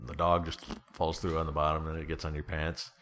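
A man's voice: rumbling low, completely flat delivery, fairly quick, a bit bright, slight background noise. A man in his thirties chatting casually on a podcast, rambling and self-deprecating with a joking manner. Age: 30s. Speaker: podcast co-host. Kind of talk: casual chat.

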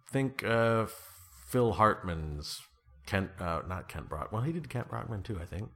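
A man's voice: on the low side, big pitch swings, unhurried, fairly bright tone. A man talking as an author guest in a casual interview, playful, laughing often and slipping into comic voices.

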